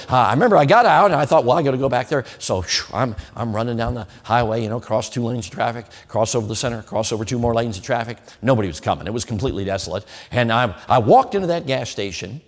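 Folksy preacher in an echoing hall. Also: male voice, mid-range voice. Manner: folksy, humorous, addresses the audience directly. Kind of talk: sermon storytelling.

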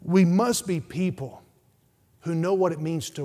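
A man preaching a sermon as pastor, swinging from hushed, quiet passages to loud, climbing peaks. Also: on the high side, animated, moderate pace. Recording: long hall reverb.

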